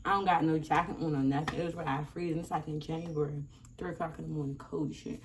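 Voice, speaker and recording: A young woman vlogger telling a story in a casual, animated and profane way, often laughing. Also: deep voice, fast talker, noisy background.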